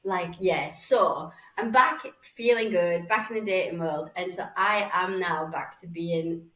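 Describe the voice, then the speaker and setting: A woman's voice: fairly low pitch, unhurried, a bit bright. Chatty northern english woman, roomy sound. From Northern England. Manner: chatty, swearing, acts out voices. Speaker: podcast guest. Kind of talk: casual chat, storytelling. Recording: roomy, slightly distant mic.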